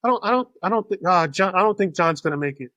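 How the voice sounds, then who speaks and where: A man's voice: high-pitched, animated, fast talker, bright, forceful tone, dry recording, dull audio, voice pushed up. A man voicing a frantic, crying middle-aged woman who wails and frets as she tells anyone nearby about her troubles. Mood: fretful. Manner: wailing, fretful.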